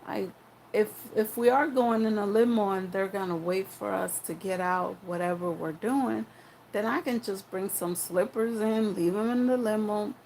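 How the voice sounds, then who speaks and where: A woman's voice: mid-range voice, moderate pace, creaky, a little mellow, a little hiss or hum, low-quality recording. A young woman telling a personal story in a frank, rambling, profane way, full of restarts and asides.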